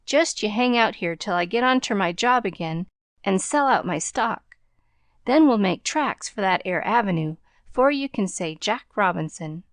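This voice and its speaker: A woman's voice: mid-range voice, lively intonation, moderate pace, no echo, clean studio sound, natural voice. A woman voicing a young street-smart newsboy who talks in clipped slang. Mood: brash.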